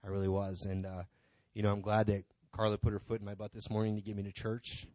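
A man's voice: on the low side, monotone, fast, a little mellow, no echo. A man giving an informal testimony in a church, talking conversationally and rambling with many asides. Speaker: church member speaking from the pulpit. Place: church sanctuary.

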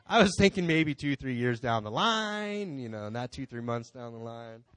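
A man's voice: medium pitch, big pitch swings, unhurried, a bit bright, clear, resonant tone. A man giving an informal testimony in a church, talking conversationally and rambling with many asides. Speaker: church member speaking from the pulpit. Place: church sanctuary.

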